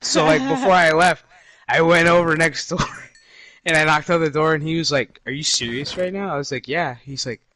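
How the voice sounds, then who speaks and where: A man co-hosts a gaming podcast and tells stories in a loose, animated way, swearing freely and acting out what people said. His voice is bright and sits a little high. A faint hiss runs under the recording. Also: normal speed, low-quality recording. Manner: animated storyteller, swears freely, acts out quotes. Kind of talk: casual chat, storytelling.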